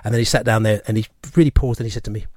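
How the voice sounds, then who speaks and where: A man, a regular on a radio fan show, telling a long story in a rambling, animated way and acting out the people he quotes. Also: fairly low pitch, very fast, no echo, clean studio sound. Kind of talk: casual radio chat, storytelling. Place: radio studio. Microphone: studio microphone.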